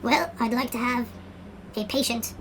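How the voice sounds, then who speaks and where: A woman's voice: a little high, moderate pace, fairly bright tone, recorded from a distance, slight background noise. A woman voicing a new, self-assured male doctor puppet in a clipped, put-on foreign-sounding way. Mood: matter-of-fact.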